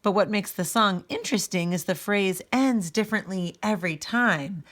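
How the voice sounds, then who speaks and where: A woman's voice: medium pitch, normal speed, a bit bright. A woman music teacher giving a recorded lesson, patiently explaining step by step and speaking straight to her students.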